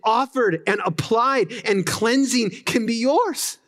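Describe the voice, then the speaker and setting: A man preaching a sermon at a church service, impassioned, often sinking to hushed, intimate tones. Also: extremely high pitch, slow. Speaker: pastor.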